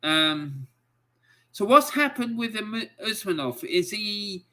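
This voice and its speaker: A football fan hosts his own live stream, chatting with viewers and reading their comments aloud. He speaks slowly, his voice bright and slightly high. He is middle-aged, excitable and blunt, and he swears freely. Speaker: football fan show host.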